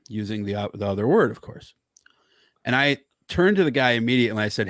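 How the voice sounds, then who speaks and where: Man guest, mid pitch, dry sound, fired-up storyteller swearing freely. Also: expressive, brisk, fairly bright tone, no echo. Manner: heated, profane storytelling. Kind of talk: casual chat.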